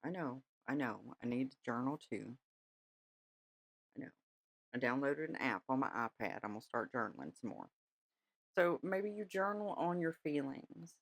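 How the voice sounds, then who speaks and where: A woman's voice: very deep voice, big pitch swings, normal speed, creaky, pauses often, breathy edge, no room sound. A woman hosting a podcast in a chatty, reassuring way, often checking in with her listeners. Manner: chatty, reassuring, many "all right?" check-ins. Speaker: podcast host. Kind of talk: casual spiritual talk.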